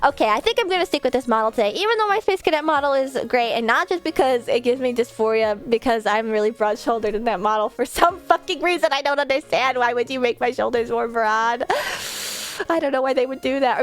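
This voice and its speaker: High, animated woman streamer. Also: fast, soft background music. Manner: animated, rambling, swears casually. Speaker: VTuber streamer. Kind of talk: casual live-stream chat. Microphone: desk mic set a bit far off.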